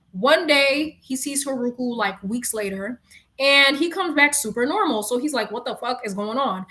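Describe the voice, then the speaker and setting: A young woman from New York with a New York accent, chatting casually and retelling a story in slangy, animated talk with frequent laughs. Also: fairly high pitch. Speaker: streamer. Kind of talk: casual chat.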